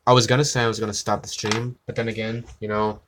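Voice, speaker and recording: A man with a fairly low voice who rambles through casual live-stream chat while he draws. He sounds tired, and he is self-deprecating and swears offhandedly. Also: flat delivery, fast, noisy background. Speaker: art streamer.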